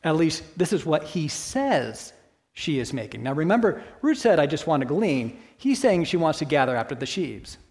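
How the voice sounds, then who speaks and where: A man with a slightly high voice preaches in a church. He works through the passage step by step, in a relaxed conversational tone, asking the congregation rhetorical questions as he goes. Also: normal speed. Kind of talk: sermon.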